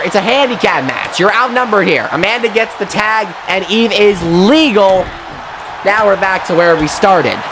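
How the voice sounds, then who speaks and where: A young man giving excitable play-by-play commentary on a wrestling match, with mild swearing and quick self-corrections. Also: high-pitched, background noise. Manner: excitable, swears mildly, laughs at own slips. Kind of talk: solo play-by-play commentary of a video game match.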